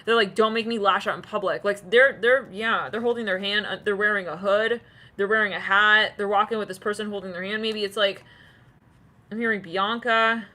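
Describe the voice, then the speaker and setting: A woman's voice: medium pitch, steady tone, moderate pace, sharp tone. A woman giving a casual tarot reading, rambling with many fillers and acting out quoted voices. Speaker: tarot reader.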